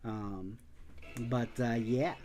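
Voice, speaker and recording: Excitable man hosting a livestream, music behind. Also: mid-range voice, extremely slow. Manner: excitable, laughs often, reads viewer comments aloud. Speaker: show host. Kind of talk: casual livestream chat.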